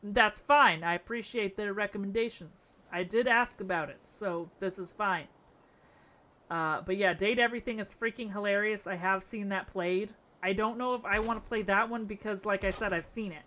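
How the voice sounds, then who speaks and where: A young woman live-streaming, chatting casually with her chat in a bubbly, slangy way that bursts into excited shouts. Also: medium pitch, moderate pace.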